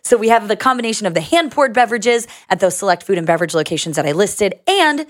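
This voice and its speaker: A woman's voice: mid-range voice, lively intonation, quick pace, dry recording, studio quality. A woman co-hosting a casual chat, upbeat and enthusiastic. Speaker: co-host.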